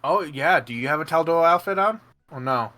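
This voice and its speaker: Game master man, bright tone, slightly high; rambling, laughing narrator with faint music under. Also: lively intonation, a little fast. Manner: rambling, laughing, lots of fillers and restarts. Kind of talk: narrating a tabletop game, voicing NPCs in passing.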